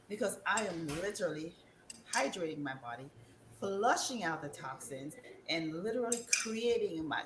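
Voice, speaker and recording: A woman talking casually and animatedly about wellness, acting out other people's voices with big jumps in pitch and laughing often. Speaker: wellness guest. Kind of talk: casual chat. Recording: echoey room with faint ambient noise.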